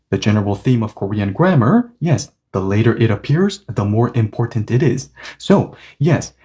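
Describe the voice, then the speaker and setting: A male language teacher walks through a grammar point, his voice warm and mellow yet swinging up and down as he acts out little example lines. He peppers the explanation with "okay" and "yes" asides. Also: mid-range voice.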